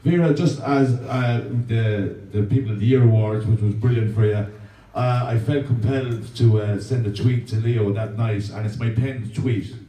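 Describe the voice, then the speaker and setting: An Irish man speaking from the audience at a campaign meeting, measured and pointed. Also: medium pitch, mellow. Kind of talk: public meeting speech. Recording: echoey hall from far off.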